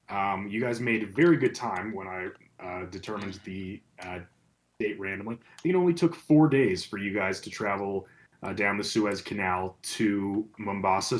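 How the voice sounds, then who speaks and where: Deep-ish man running a tabletop game. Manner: recapping with many fillers. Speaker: game master. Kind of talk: narrating a tabletop horror game.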